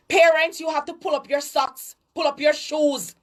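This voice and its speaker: A woman's voice: sits high, steady tone, moderate pace, hardly any pauses. A woman with a Jamaican accent giving an emphatic, preachy social commentary monologue, lecturing and slipping into patois. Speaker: online commentator.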